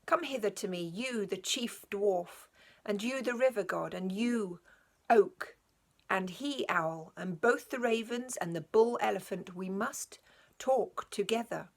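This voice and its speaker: A woman's voice: medium pitch, unhurried. A woman reading Aslan, a solemn lion king. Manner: solemn, commanding. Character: majestic male lion king calling a council.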